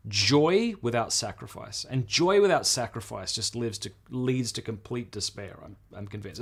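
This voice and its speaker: Man, earnest religious commentary, mid-pitched voice, thinks aloud with asides. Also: vocal fry, a bit bright. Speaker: host reacting to a clip.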